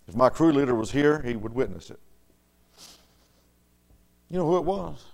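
A man preaching a storytelling sermon in a folksy way, dropping to soft murmurs and rising to loud, emphatic lines. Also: mid-range voice, lively intonation, moderate pace, gravelly.

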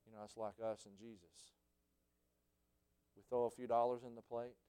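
Preacher man, smooth and clear, spins sermon stories, quiet then loud. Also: mid-range voice, level tone, normal speed. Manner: storytelling, swings from hushed to shouting.

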